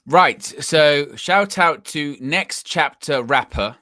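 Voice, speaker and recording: A man's voice: on the high side, lively intonation, slow, pushed and bright, dry recording, clean studio sound. A young man co-hosting a casual football chat, telling stories with lots of restarts. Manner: chatty storyteller, repeats and restarts. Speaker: co-host.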